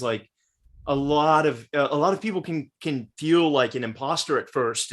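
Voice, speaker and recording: A man hosting an interview, eager and supportive, asking questions with frequent stumbling restarts. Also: fairly high pitch. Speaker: podcast host. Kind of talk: casual interview chat.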